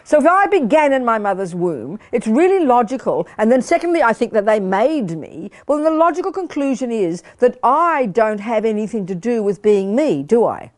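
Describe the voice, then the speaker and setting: A woman's voice: on the high side, sing-song, normal speed, few pauses. An older woman giving a Buddhist teaching to a study group, emphatic and full of rhetorical questions to the audience. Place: meditation hall in a study center.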